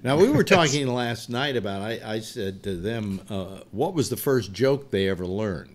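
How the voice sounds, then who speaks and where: A man with a lively, rising and falling delivery tells a long joke as host of a casual live show. He rambles and restarts, and he acts out every turn of the story with energy. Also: lowish voice, moderate pace.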